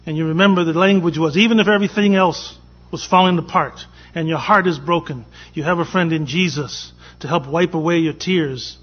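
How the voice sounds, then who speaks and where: A man speaks at a conference panel in a slightly high, husky voice, spinning a personal story and playing out each line of dialogue. The recording is dull and lo-fi, like an old conference tape. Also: fairly quick, hardly any pauses. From from Boston. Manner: anecdotal, acts out dialogue in quotes.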